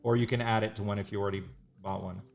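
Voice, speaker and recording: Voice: sits low, fairly even intonation, racing, darkish tone. An artist hosting a drawing livestream, chatting casually with a laid-back, self-mocking manner and laughing easily. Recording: music playing behind.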